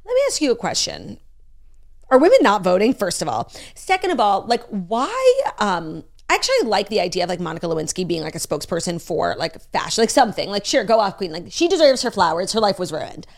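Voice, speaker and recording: Fast-talking animated young woman co-host. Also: medium pitch, creaky. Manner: animated, filler-heavy, sarcastic. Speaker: podcast co-host. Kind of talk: casual pop-culture chat.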